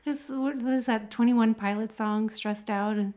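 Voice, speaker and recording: A woman co-hosting a podcast, talking in a chatty, animated way with many fillers. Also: on the high side, moderate pace. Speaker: podcast co-host. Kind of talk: casual chat.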